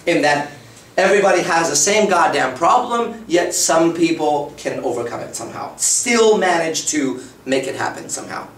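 Man in his 30s, dating coach, blunt and profane, fairly high voice, picked up from afar. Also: expressive, moderate pace, a little hiss or hum. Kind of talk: live lecture to an audience. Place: lecture room. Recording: roomy, far from the mic.

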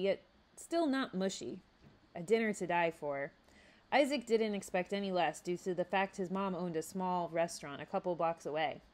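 A woman librarian reading a story aloud in a steady, even way. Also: mid-range voice. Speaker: youth services librarian.

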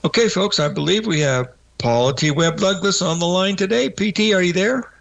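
Folksy older man with a gravelly voice. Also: sits high, normal speed. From Southern Indiana. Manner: folksy, drawling, chuckles along. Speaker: radio show host. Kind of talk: casual on-air chat.

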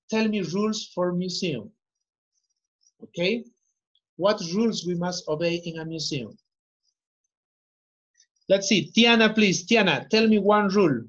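A patient male teacher talks slowly to young learners and repeats each prompt to coax answers. His voice is a little husky and the sound is muffled, like lo-fi call audio. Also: sits high. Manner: slow, repeating prompts, coaxing. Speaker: English teacher. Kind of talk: online class teaching children.

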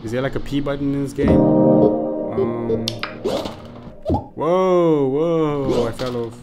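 Casting: man, gaming YouTuber, playful and jokey, mid-pitched, over loud game music. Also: slow pace. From South Africa. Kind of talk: let's play commentary.

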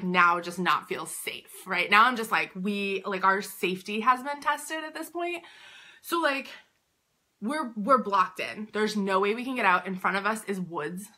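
A woman and boutique owner telling a story to camera in a casual, chatty way, with "like" in nearly every phrase. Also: mid-range voice. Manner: chatty, heavy use of "like", animated retelling. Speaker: boutique owner and business coach.

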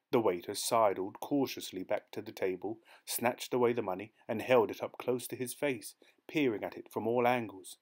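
A man reading a short story aloud as an audiobook narrator, steady and measured. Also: on the low side.

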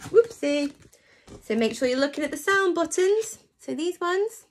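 A woman's voice: very high voice, expressive, unhurried, a little hiss or hum. A woman teaching a phonics lesson to young children online, encouraging and sing-song, sounding out letters.

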